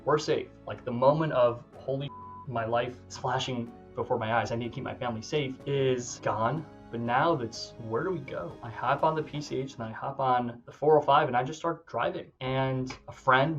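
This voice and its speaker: A man in his thirties, an agency coach, telling a personal story in a casual, intense way, with lots of "like" and restarts. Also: medium pitch. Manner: casual, intense retelling with filler "like" and self-interruptions. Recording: slightly dull sound with faint music behind.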